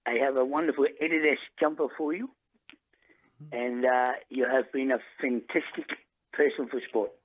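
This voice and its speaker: A man's voice: mid-range voice, steady tone, moderate pace, lightly acted. A man putting on a mock New Zealand accent. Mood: mock-formal. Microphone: telephone. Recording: dull phone line.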